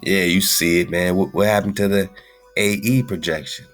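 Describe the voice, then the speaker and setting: Laid-back deep-voiced male radio host. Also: fairly even intonation, normal speed, faint music behind. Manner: loose slangy rambling, calls listeners man. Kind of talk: casual livestream talk.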